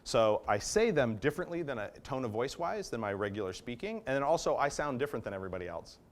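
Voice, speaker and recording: A man's voice: mid-range voice, very animated, quick pace. A man, a dog trainer, giving a conversational workshop talk, explaining and often checking in with his listeners. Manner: acts out commands in varied tones. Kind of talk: workshop lecture.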